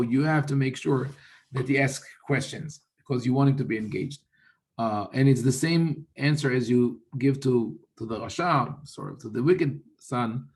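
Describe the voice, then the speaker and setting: Rabbi guy explaining texts, thinks out loud, lots of restarts, mid pitch. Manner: thoughtful, many restarts and Hebrew quotations. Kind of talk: explanatory Torah teaching.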